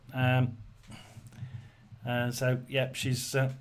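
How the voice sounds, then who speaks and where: A man's voice: on the high side, lively intonation, unhurried. Rambling man hosting a live chat. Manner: rambling, many fillers and restarts. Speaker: livestream host. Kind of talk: casual livestream chat reading comments.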